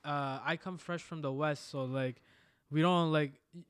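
A man's voice: on the high side, steady tone, unhurried, clear, resonant tone, dry recording. A young man with an anglophone Montreal accent, chatting in a laid-back way on a podcast and swearing casually. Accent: anglophone Montreal English. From Montreal, Canada. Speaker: podcast co-host. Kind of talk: casual chat.

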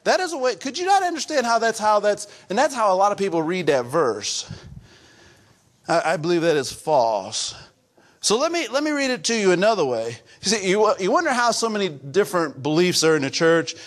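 Male pastor, very high voice, earnest sermon delivery that swells into emphatic bursts. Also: big pitch swings, brisk, fairly bright tone. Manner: earnest, repetitive, building to emphatic outbursts. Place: church.

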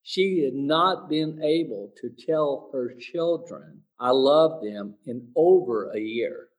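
A man being interviewed, earnest and motivational, halting and searching for words with restarts. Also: mid-range voice, recorded from a distance, low-quality recording. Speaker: interview guest, speaker and teacher. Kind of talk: sit-down interview.

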